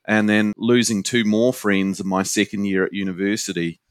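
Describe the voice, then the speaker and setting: A man's voice: lowish voice, fairly even intonation, normal speed, clean tone, dry recording, studio quality. A man with a New Zealand accent, a guest academic answering interview questions in an earnest, conversational way. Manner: earnest, with frequent "you know" fillers. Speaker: guest academic and suicide educator.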